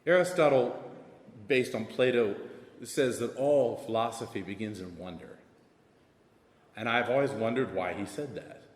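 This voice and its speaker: A man with a Southern drawl, an assistant principal speaking on a panel, wordy and animated with self-deprecating jokes. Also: medium pitch, a little slow. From American South. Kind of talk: panel talk. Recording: echoey hall with long reverb.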